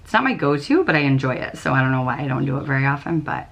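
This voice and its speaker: Low-voiced chatty woman knitting host. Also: sing-song, very fast, vocal fry, fairly bright tone. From United States. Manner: chatty, giggly, many ums and restarts. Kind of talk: casual chat.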